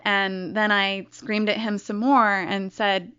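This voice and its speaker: Woman guest telling her own story, slow and reflective, on a dull lo-fi recording. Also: medium pitch, flat delivery, sharp tone, smooth. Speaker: interview guest. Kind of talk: personal story in an interview.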